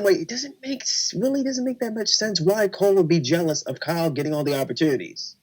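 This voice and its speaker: Animated excitable man. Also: on the high side, quick pace, hardly any pauses, breathy edge. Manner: excitable, reenacts his own reactions. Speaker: podcast co-host. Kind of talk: casual wrestling chat.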